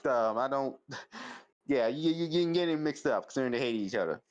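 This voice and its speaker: Halting, stammering man on a stream. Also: mid-range voice, lively intonation, dull audio. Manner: halting, stammering, restarts sentences. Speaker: stream guest. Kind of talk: casual chat.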